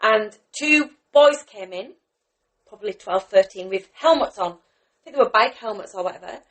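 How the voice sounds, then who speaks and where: A woman's voice: mid-range voice, moderate pace. A middle-aged woman co-hosting a casual chat podcast, telling stories and acting out quotes. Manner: animated storyteller, acts out quotes. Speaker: podcast co-host.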